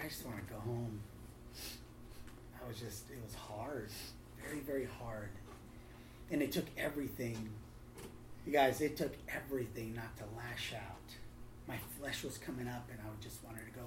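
A man telling a testimony and preaching to a small group, lively and acting out other people's lines. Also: mid-range voice, normal speed. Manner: animated storytelling, acts out quotes. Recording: roomy echo, faint room noise.

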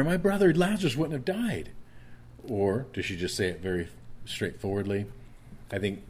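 A man's voice: low-pitched, darkish tone, slightly rough. A man preaching a conversational sermon, reading scripture aloud and explaining it. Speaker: pastor.

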